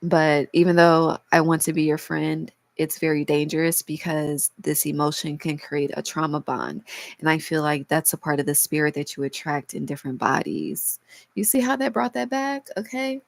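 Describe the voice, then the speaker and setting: A woman gives her viewers a casual tarot reading, emotional and fighting back tears, her voice cracking as she swears freely. Her voice is low-pitched and creaky at a normal speed; the audio is poor, with no room sound.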